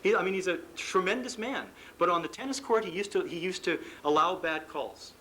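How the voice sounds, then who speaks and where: A Canadian man lecturing at a seminar in a bright, slightly high voice. He talks fast, acts out the athletes he describes, and keeps stumbling into restarts and repeated words. The audio is an archival recording of a live talk. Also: a little hiss or hum, rough recording. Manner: lively storytelling, acts out what athletes say. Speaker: sports psychologist giving a coaching seminar.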